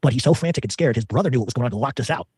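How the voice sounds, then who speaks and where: A man's voice: medium pitch, lively intonation, very fast, darkish tone, breathy edge, no echo. A man telling a long rambling story as an interview guest, full of fillers and quoted dialogue.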